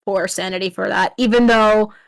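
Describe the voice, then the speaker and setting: A woman's voice: medium pitch, steady tone, moderate pace, creaky, no room sound. A woman game master running a tabletop horror game over a voice call, chatty and laughing easily.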